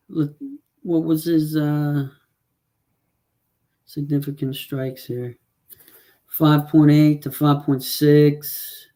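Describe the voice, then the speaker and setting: A man with a slightly high but dark-toned voice co-hosts a casual podcast forecasting fights. He drifts through the stats, reading and confirming numbers aloud and peppering his talk with fillers.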